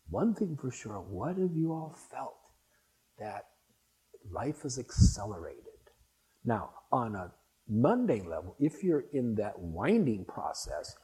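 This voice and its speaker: A man's voice: mid-range voice, dark tone, rough recording. An older man speaking to a spiritual gathering, rambling and anecdotal, with frequent restarts as he reminisces. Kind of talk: reminiscing talk to an audience.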